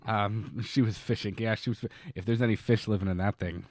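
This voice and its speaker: A man's voice: fairly low pitch, steady tone, fairly quick, darkish tone, dry recording, studio quality. A man co-hosting a podcast, telling a long story in casual chat, rambling with many fillers and restarts. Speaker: podcast co-host.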